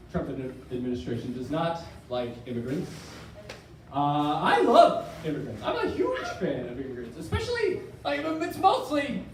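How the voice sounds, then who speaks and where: Rambling thirty-year-old male comic. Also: sits high. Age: 30s. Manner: rambling, self-deprecating. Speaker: stand-up comedian. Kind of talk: live stand-up set. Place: live comedy venue. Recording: echoey room from far off, crowd noise.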